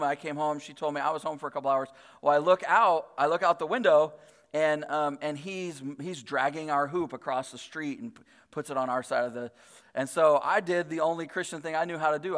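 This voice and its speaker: A man in his thirties preaching in a loose, conversational way, his voice sitting a little high for a man. He strings his thoughts together with fillers and quick restarts. Long reverb from a large hall trails after each phrase. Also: a bit bright. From Northern California. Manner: chatty, filler-heavy, self-deprecating. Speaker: pastor. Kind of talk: casual storytelling sermon.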